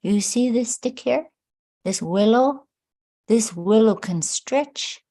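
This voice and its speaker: A woman voicing a tiny, kindly old grandmother elder who speaks slowly and coaxingly. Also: fairly high pitch, warm tone, pitched above the performer's own voice. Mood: gentle advice. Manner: slow, coaxing, motherly.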